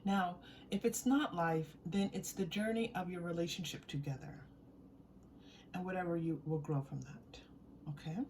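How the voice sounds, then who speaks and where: There's a little background noise as a woman with a fairly low voice reads tarot for her audience at a moderate pace. Her manner is giggly and warm, full of laughter, and she repeats herself as she works things out aloud.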